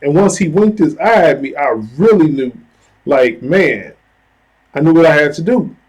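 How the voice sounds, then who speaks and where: His voice husky and fairly high, a man recounts a personal story on his vlog at normal speed, earnest and conversational. Fillers like "you know" and "like" come up constantly alongside lively asides, and the recording quality is rough.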